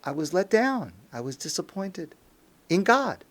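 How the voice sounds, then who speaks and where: A man speaking as a rabbi in a recorded talk, earnest, reading Hebrew phrases slowly and translating them, rising to an intense pleading tone at times. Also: high voice, sing-song, fairly bright tone. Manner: earnest, rises to an intense pleading tone when quoting prayer.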